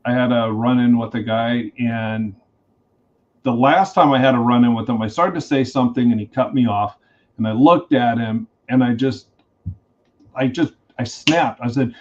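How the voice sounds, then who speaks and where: Blunt, animated podcast guest. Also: male voice, mid-range voice, moderate pace. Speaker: podcast guest, reptile breeder. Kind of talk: casual podcast chat. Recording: slightly dull lo-fi sound.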